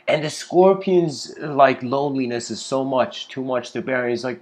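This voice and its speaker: A man giving a casual lecture in a rambling, relaxed way, often laughing and saying "you know". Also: mid-range voice, moderate pace.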